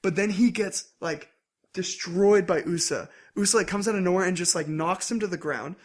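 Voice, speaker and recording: A man hosting a podcast, casually recapping an anime episode in an animated way, acting out the characters' lines. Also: high voice. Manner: animated retelling, acts out character lines in quick voices. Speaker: podcast host.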